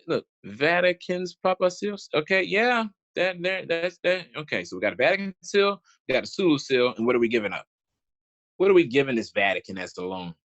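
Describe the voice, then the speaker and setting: With a slightly high, fairly bright voice and the highs cut off in the recording, a man reads old documents aloud as an online commentator. His casual, indignant take rambles and restarts, full of informal "y'all."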